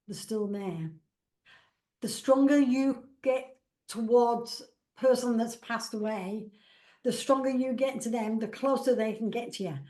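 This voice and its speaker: A woman's voice: a little high, warm tone. A woman from England, a psychic medium and author, chatting in a rambling way and acting out the dialogue she recalls. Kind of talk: casual storytelling interview.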